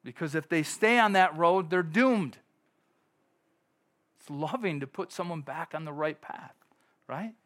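A middle-aged pastor preaching a sermon in a conversational way, with sudden loud bursts. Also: male voice, fairly high pitch, unhurried, long pauses.

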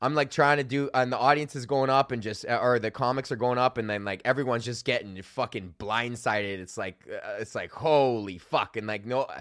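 A young man, a stand-up comic hosting his own podcast, ranting in a loose, profane, animated way and acting out what people said. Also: mid-range voice, normal speed, hardly any pauses, dry recording, clean studio sound. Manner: animated, swears constantly, acts out quotes. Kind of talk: casual profane rant.

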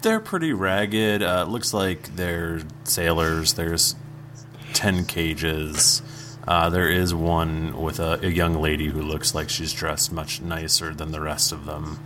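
Deep-voiced man running the game. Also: slow, fairly bright tone, slight background noise. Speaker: dungeon master. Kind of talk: narrating a tabletop game.

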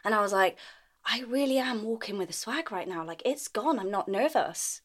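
A woman, co-hosting a podcast in casual chat and telling animated stories full of laughter. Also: mid-range voice, moderate pace. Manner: animated storytelling, laughs often, acts out her own lines. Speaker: podcast co-host.

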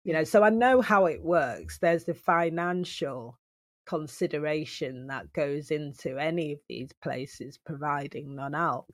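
A woman DJ chatting as a podcast guest, telling stories with lively asides. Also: sits low, measured pace, no room sound, studio quality. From United Kingdom. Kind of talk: casual chat.

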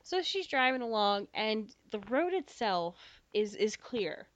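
A young woman co-hosting a podcast, telling a story in casual chat, animated, swearing freely and acting out dialogue. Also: fairly high pitch, a little slow, dry recording. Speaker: podcast co-host. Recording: slightly dull dry podcast mic.

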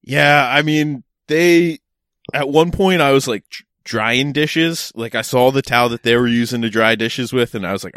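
A man's voice: medium pitch, moderate pace, fairly bright tone, no echo, studio quality. A young man, chatting casually as a podcast co-host and telling stories with lots of restarts and laughs. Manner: rambling, frequent restarts and laughter. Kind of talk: casual chat.

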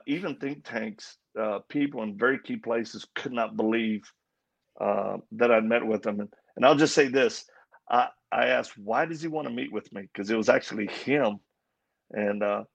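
A man in his fifties, an interview guest telling a story in an earnest, halting way with many restarts. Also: medium pitch, gravelly, no room sound.

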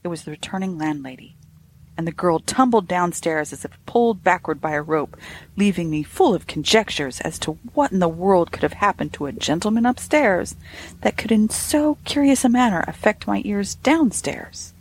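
A woman narrating a classic ghost story in a lively, expressive reading with soft asides. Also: lowish voice, normal speed, husky.

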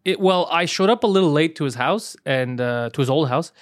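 A man co-hosting a casual comedy podcast, telling profane stories quickly. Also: a little high, expressive, no echo, clean studio sound. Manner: rapid, profane storytelling with acted quotes. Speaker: podcast co-host.

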